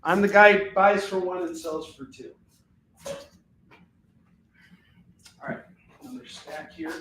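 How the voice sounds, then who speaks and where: A man's voice: high-pitched, steady tone, a little slow, reverberant, noisy background. A man hosting a live comic book sale from his home, chatting casually and laughing often as he counts off stacks of books. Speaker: host selling comics on a live stream. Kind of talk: casual live sales patter. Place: his home, with kids in the house.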